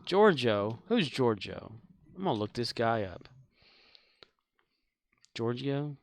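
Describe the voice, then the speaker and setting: A man talks loosely on a live game stream, full of "um" and "like". His voice sits at a middle pitch, and he chuckles at his own asides. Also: big pitch swings, normal speed, vocal fry. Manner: rambling, filler-heavy, laughs at his own jokes. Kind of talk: casual live-stream chat while gaming.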